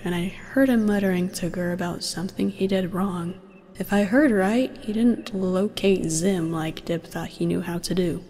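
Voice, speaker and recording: A woman's voice: mid-range voice, darkish tone. Woman reading a wry fan story. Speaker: fan fiction reader. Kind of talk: first-person audio fic narration. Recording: long reverb with faint music.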